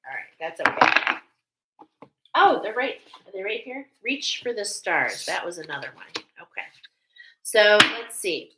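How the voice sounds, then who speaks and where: A woman's voice: medium pitch, sing-song, a little slow, very noisy. A woman giving a chatty spiritual guidance reading, often checking in with "okay?". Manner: soothing, chatty, repeats "okay?". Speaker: spiritual reader. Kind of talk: channeled guidance talk.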